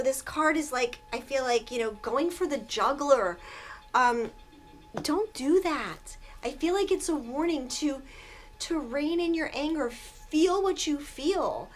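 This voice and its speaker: Female tarot reader, high pitched, earnest, emotional delivery with repetitions. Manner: earnest, emotional, repeats herself. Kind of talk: emotional tarot reading to viewers.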